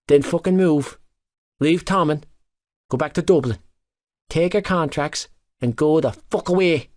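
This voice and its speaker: A man voicing an angry, hot-headed teenage boy rugby player who shouts insults in an audiobook. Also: fairly high pitch, moderate pace, no echo, clean studio sound, pitched above the performer's own voice, natural voice. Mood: furious. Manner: shouting, spitting insults, voice cracking. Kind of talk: audiobook character voice.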